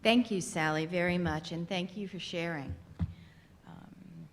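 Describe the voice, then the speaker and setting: A woman hosting a conference, reading formal prepared remarks in a measured way. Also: fairly low pitch, slight background noise. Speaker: event host. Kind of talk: scripted formal announcement. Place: large theater. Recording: reverberant theater hall.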